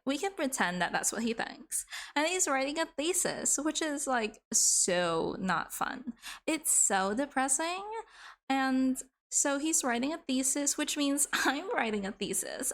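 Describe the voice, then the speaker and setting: Chatty woman streamer, fairly high voice. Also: a bit bright. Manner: rambling, chatty, casually swears. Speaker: livestreamer. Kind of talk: casual chat while drawing on stream.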